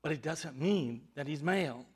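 A man's voice: on the high side, animated, normal speed, a little mellow, slightly rough. A male pastor preaching a sermon, emphatic, with rhetorical questions and rising bursts of volume.

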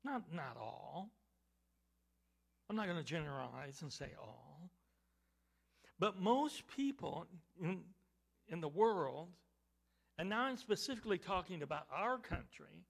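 A man preaching a sermon to his congregation, emphatic, with halting restarts that build to louder, higher points. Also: sing-song, vocal fry. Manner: emphatic, rising in pitch and volume on key points; halting restarts and repeated words.

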